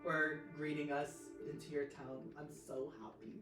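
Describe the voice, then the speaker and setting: Gm doing an eager gushy mentor lady, excited about everything, roomy sound with music. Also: deep voice, moderate pace, natural voice. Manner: gushing, excited. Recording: roomy, distant mic, music behind.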